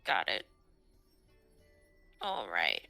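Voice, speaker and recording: A woman playing in a tabletop game, asking questions in a curious, unhurried way. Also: rumbling low, huge pitch swings, vocal fry, pushed and bright, soft background music. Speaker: player. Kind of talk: casual chat in a tabletop game.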